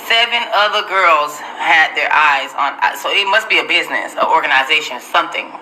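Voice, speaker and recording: Woman vlogger, slangy story, very bright edgy voice, lowish pitch, profane, animated. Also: a little fast, a little hiss or hum, low-quality recording. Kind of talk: casual storytelling to camera.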